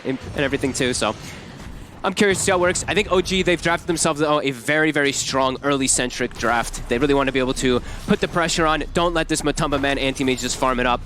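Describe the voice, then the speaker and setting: A man casting an esports match, quick and excitable, breaking down heroes and laughing at his own jokes. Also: medium pitch, noisy background. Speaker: esports caster. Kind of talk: esports commentary.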